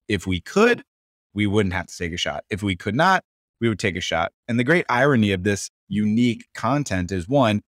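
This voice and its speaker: A man guest from Florida on a podcast interview, telling a story in an upbeat, animated way. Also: fairly low pitch, dry recording, clean studio sound. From Tampa Bay, Florida. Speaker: guest entrepreneur.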